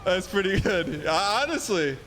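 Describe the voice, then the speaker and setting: A man in his thirties hosting a livestream, talking in a rambling, animated, mock-defensive way. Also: high-pitched, normal speed, slight background noise. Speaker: livestream host. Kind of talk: casual chat.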